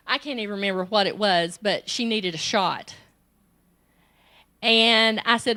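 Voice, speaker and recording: A woman's voice: normal speed, sharp tone. A woman, delivering a sermon at a women's conference, telling personal stories and acting out the voices in them. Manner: storytelling, acts out quoted child and self in high pitch. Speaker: women's ministry director, conference speaker.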